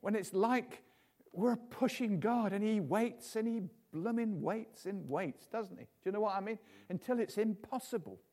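A man's voice: sits high, moderate pace, darkish tone. Chatty, jokey male preacher. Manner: chatty, jokey, full of tag questions. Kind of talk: informal sermon.

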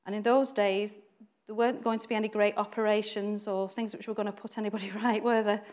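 A woman's voice: medium pitch, flat delivery, fast talker, darkish tone. A woman giving an informal, chatty sermon, acting out quoted voices and laughing now and then. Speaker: preacher.

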